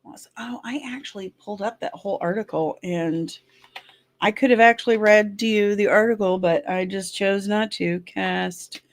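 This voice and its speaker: A woman's voice: mid-range voice, moderate pace. A woman hosting a show, chatting casually and rambling while she searches her notes. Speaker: host. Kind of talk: casual chat.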